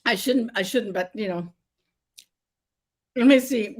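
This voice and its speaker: A woman's voice: a little high, unhurried. A woman hosting a casual live stream, rambling with many fillers and restarts and laughing often.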